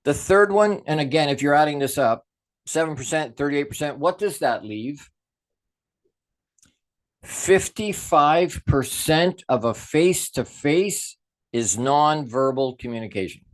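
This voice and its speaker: Animated man lecturing with emphasis. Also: on the high side, a little slow. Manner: animated, emphatic, thinks aloud with restarts. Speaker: speaker on a podcast. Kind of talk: talk about communication.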